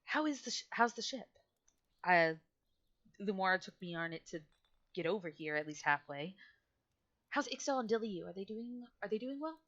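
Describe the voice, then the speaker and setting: A woman voicing a shy, soft-spoken tiefling man. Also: mid-range voice, lively intonation, moderate pace, pauses often, muffled recording. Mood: quiet concern. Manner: quiet, hesitant, stammering. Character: soft-spoken male red tiefling, polite and awkward.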